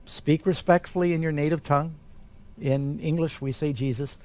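A man, a pastor, answering Bible questions in a relaxed, conversational way. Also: fairly high pitch, normal speed.

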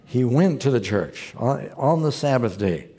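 A man's voice: medium pitch, very animated, unhurried, dark tone, breathy edge. A man preaching a sermon as a pastor, telling stories earnestly and exhorting the congregation. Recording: long reverb of a large hall.

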